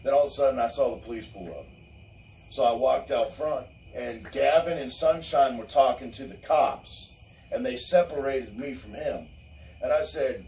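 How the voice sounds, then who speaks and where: A man casually telling a long, profane story, laughing and mimicking people in higher voices. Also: moderate pace, darkish tone, distant mic. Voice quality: gravelly, swears constantly. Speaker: podcast host. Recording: echoey room, off-mic, faint noise.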